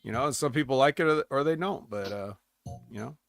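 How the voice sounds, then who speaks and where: A man's voice: medium pitch, fairly quick, vocal fry, soft background music. A man co-hosting a wrestling review stream, making easygoing, chatty remarks. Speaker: wrestling review show co-host. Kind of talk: casual chat.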